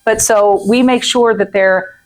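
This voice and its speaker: Woman in her forties, chatty coach, group masterclass, lively asides, mid-pitched voice. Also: unhurried, poor audio. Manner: chatty, animated, acts out quoted people; frequent "right?" and "okay?" asides. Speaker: real estate coach.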